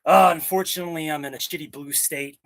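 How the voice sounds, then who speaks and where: A young fitness vlogger from Maryland, USA, works out in his home gym, talking casually and profanely as he rambles and answers his live chat. His voice is on the high side, a bit bright and creaky, with a steady tone, and he talks fast.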